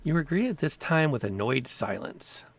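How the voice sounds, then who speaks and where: A man's voice: medium pitch, normal speed, vocal fry. A man narrating as game master of a tabletop role-playing game, describing scenes and calling for dice rolls. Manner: relaxed, descriptive, with small vocal sound effects. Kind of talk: narrating a tabletop game over a video call.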